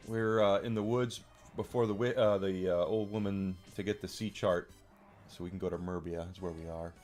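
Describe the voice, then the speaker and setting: A man streaming a game, chatting casually with lots of fillers and throat clearing. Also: low voice, fairly even intonation, a little slow, long pauses, a little mellow, faint music behind. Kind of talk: casual let's-play commentary.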